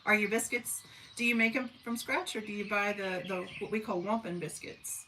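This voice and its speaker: A chatty woman from southern Missouri hosts a relaxed live stream, answering viewers in a folksy, easygoing way and turning aside to talk to her dogs. Her voice sits at a middling pitch, with a faint hum of noise behind it. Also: moderate pace, rough recording. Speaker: livestream host. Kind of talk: casual live chat reading comments.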